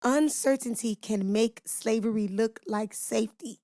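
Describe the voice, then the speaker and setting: A woman's voice: fairly high pitch, unhurried, warm tone, dry recording, studio quality. A woman hosting a devotional podcast, teaching scripture in an emphatic preaching cadence, asking her listeners rhetorical questions and speaking to them directly and informally.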